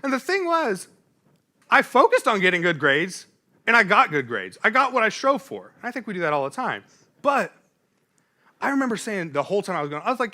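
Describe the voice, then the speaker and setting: A young man preaching a sermon in a church, telling a funny personal story with animated delivery and laughing at himself. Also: fairly high pitch, a little fast.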